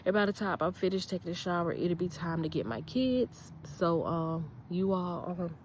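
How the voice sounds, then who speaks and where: A woman's voice: fairly low pitch, lively intonation, moderate pace, a little hiss or hum. A young woman, chatting casually to camera in a park, rambling and repeating herself, sometimes dropping to a whisper. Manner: rambling, repeats herself, drops to a whisper when people pass. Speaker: vlogger. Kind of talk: casual vlog talk to camera. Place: outdoors in a park.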